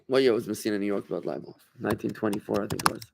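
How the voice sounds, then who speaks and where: Against a noisy background, a rabbi with a low, creaky voice and fairly even intonation speaks rapid-fire to a small group in a room. His informal class is conversational, marked by many restarts and questions aimed at his listeners.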